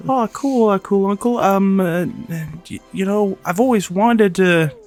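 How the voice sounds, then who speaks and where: A man's voice: high-pitched, unhurried, a little mellow, soft background music, pitched above the performer's own voice. A man doing a nervous stammering teen boy. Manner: hesitant, stammering.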